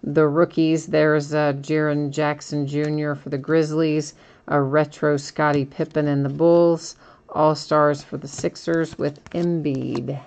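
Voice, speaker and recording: Speaking in a low voice and taking her time, a woman runs a live card-opening stream as its host. She keeps things casual, naming cards in a steady list and answering viewers, each by name.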